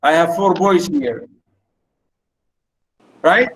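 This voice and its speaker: A man teaching a literature class over a video call, talking haltingly with many fillers and restarts and reading poetry slowly and fondly. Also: fairly high pitch, fairly bright tone, slight background noise, rough recording. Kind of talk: online lecture.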